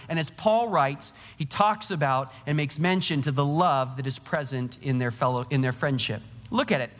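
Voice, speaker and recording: A man's voice: on the high side, moderate pace, hardly any pauses, fairly bright tone, in a large hall. A man preaching a sermon to his congregation, earnest and direct, speaking to them as their pastor.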